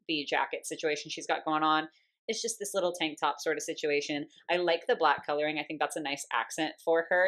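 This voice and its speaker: Gushing, chatty young woman with a low voice. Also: a bit bright. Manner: breaks off to coo at her cat. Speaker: doll collector reviewer. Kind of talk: casual unboxing review. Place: home.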